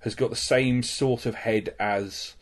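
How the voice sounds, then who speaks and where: A man's voice: medium pitch, steady tone, takes it slowly. A man in casual chat, explaining his collection in detail.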